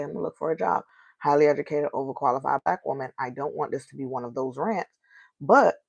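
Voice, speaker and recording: Her voice is extremely low, creaky, and edged with breath, captured in a dry recording with the highs cut off. She's a thirtysomething podcast host with an African American accent, candidly venting through a casual solo monologue full of rhetorical questions.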